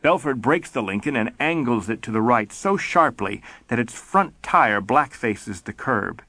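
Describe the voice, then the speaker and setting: A man reading an audiobook in a measured, wry storytelling manner. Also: medium pitch, fairly bright tone, no room sound. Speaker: audiobook narrator. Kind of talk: scripted narration.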